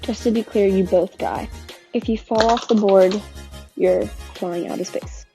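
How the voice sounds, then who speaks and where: A woman's voice: medium pitch, fairly even intonation, unhurried, creaky, music in the background. A woman patiently explaining how to play a simple drawing game, step by step. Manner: instructive, patient. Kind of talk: tutorial video.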